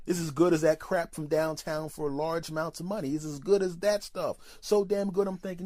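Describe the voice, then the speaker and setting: A man telling a brash, profane comedy story as a podcast host, swinging into quick voices for the people he quotes. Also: fairly high pitch, fairly even intonation, mellow, dry recording.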